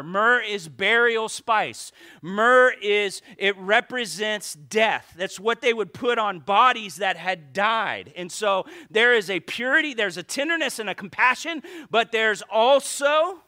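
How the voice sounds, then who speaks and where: A male pastor preaching a lively sermon, joking with the congregation and reading scripture aloud. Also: high-pitched, measured pace. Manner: animated preaching with asides and jokes to the congregation.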